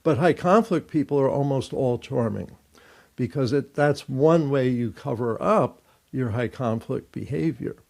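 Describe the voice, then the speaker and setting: Giving thoughtful, explanatory interview answers and reasoning aloud, this older therapist and author speaks in a medium-pitched, darkish voice with vocal fry.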